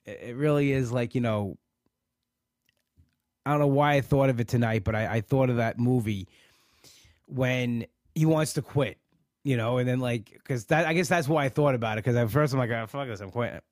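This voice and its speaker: A frustrated man hosting a live podcast vents in a rambling, halting way, starting over and repeating himself. His voice sits in a middle pitch. It is recorded dry, with no room echo. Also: darkish tone. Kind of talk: emotional live talk.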